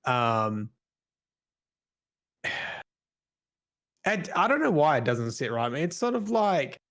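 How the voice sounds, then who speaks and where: A man's voice: on the high side, very animated, slow pace, a bit bright. An Australian man co-hosting a gaming podcast, musing aloud and restarting his sentences often. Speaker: podcast co-host. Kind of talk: casual chat.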